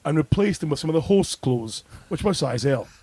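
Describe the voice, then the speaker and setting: A man on a podcast telling a drunken party story with animated, swearing delivery and acted-out reactions. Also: a little high, fairly quick, breathy edge. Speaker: podcast co-host. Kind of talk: casual chat, anecdotes.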